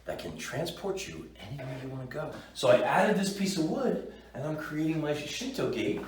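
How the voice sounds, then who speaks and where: A man giving a guided walking tour of his painted rooms, an enthusiastic and animated storyteller. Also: a little high, normal speed. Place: indoor building hallways and rooms. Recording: roomy echo, distant mic.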